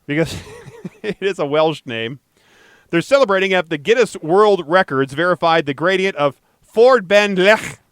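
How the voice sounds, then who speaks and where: Animated, joking man host. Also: fairly high pitch, clean tone, no echo, studio quality. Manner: animated, jokey storyteller. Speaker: podcast host. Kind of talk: casual news chat.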